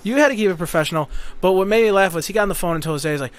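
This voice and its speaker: A man's voice: high voice, very fast. Crude rambling man telling stories. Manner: crude, rambling, profanity-laced storytelling. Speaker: podcast host. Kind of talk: casual storytelling chat.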